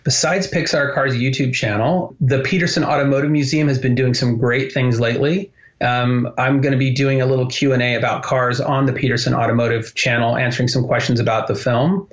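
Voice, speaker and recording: A man being interviewed, telling lively anecdotes with enthusiasm. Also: mid-range voice, brisk, few pauses, highs cut off. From United States. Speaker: guest, animator. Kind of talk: podcast interview.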